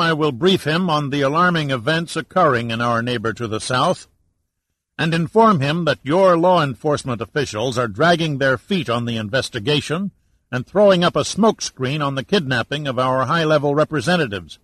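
A commanding old admiral, as a man acts him out, measured and pressing. The voice is close and dry, with no room around it. He delivers warnings in formal, unhurried sentences. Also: fairly high pitch, expressive, a bit bright, no room sound, pitched above the performer's own voice. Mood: stern.

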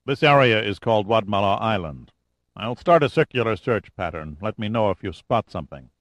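Impatient no-nonsense pilot, narrator voicing him, firm and flat, dry sound. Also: male voice, on the low side, a little fast, no room sound, close to an everyday voice. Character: impatient, matter-of-fact helicopter pilot, male.

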